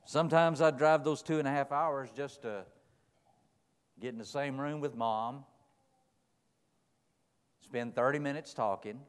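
A middle-aged man preaching a sermon, folksy, telling stories and asking rhetorical questions, moving between quiet and loud. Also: mid-range voice, smooth. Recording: long hall reverb.

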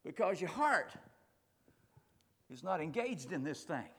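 A man voicing a fiery adult male prophet who rebukes a crowd in fierce, rapid bursts. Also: fairly high pitch, very animated, breathy edge, in a large hall, exaggerated voice. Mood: scolding.

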